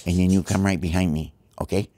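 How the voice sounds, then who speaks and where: A man's voice: deep voice, fairly even intonation, quick pace, mellow, slight background noise, close to an everyday voice. A man voicing an earnest, slightly nervous buddy who bravely goes first.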